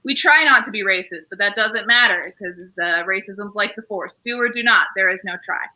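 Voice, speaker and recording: A young woman who hosts a show performs a stand-up set in a mid-range voice, fairly quick, pushed and bright. Her act rambles and pokes fun at herself, full of fillers and acted-out voices, and the recording is rough.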